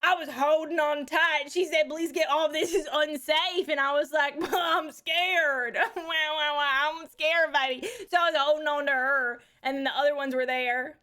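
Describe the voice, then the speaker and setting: A woman's voice: high voice, fairly even intonation, moderate pace, hardly any pauses, a bit bright. A woman playing a brash, crude Texan woman trucker back from space, drawling and calling everyone baby, for a live stream. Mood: rambling. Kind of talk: live-stream character bit.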